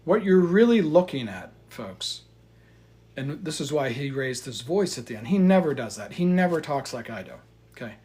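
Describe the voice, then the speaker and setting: A man giving heated, profane market commentary, swinging between loud outbursts and quiet asides. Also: a little high, sing-song, normal speed. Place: indoors in front of a chart.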